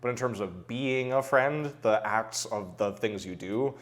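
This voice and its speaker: A man with a fairly low voice hosts a relaxed podcast conversation. He thinks aloud, restarting and repeating words as he works toward his point. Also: a little slow. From United States. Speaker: podcast host. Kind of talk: casual conversation.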